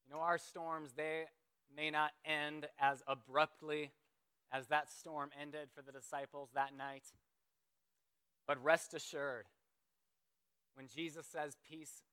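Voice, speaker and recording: A man preaches a sermon in a bright, clear voice pitched a little high. He speaks slowly and earnestly, with long dramatic pauses and lines that drop to near a hush. The sound is dry and close. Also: dry recording. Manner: slow, earnest preaching with dramatic pauses and falling quiet endings. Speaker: pastor.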